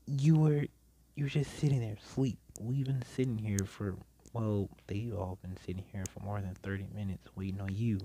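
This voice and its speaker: An earnest, eager teenage boy in hero school who talks a little hesitantly and lifts his voice when he is keen, as a man puts him on while telling a story. The tone stays mellow. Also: lowish voice, steady tone, moderate pace, a little hiss or hum, natural voice.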